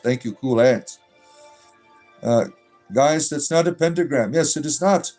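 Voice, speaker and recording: Male bard streamer, playful banter with chat, slightly high voice, soft music under. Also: unhurried, long pauses. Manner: joking, reacts to chat messages, blesses viewers. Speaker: livestream host reading chat. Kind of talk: casual livestream chat.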